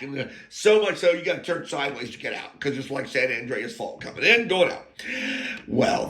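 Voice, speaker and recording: Male storyteller, gravelly and sharp-toned, blunt and crude, rambling with side rants. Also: medium pitch.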